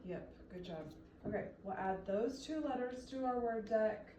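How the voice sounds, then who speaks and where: A woman's voice: a little high, expressive, normal speed, dark tone, slight background noise. Patient woman tutoring in an echoey room. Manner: patient, encouraging, coaxing. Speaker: reading tutor. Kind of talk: one-on-one reading lesson. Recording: echoey room, mic at a distance.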